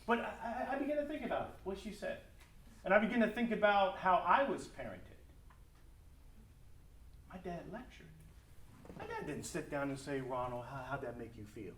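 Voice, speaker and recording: A middle-aged man preaching as a pastor in a conversational, animated way, acting out family conversations. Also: high-pitched, moderate pace, long pauses, a little hiss or hum. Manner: animated, acts out family dialogue. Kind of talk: conversational sermon talk. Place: church or school hall. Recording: echoey room, mic from a distance.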